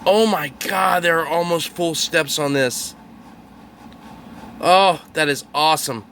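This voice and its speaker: A man's voice: a little high, slow pace, vocal fry, a bit bright, a little hiss or hum. Thrilled man narrating coin finds. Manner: thrilled, exclamatory, addresses viewers as y'all. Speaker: coin roll hunter. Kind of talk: excited hobby video narration.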